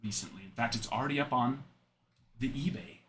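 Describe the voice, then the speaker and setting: A man's voice: medium pitch, brisk, a bit bright, slight background noise. A young adult man hosting a live card-break stream, chatting and rambling in asides while he reads out cards.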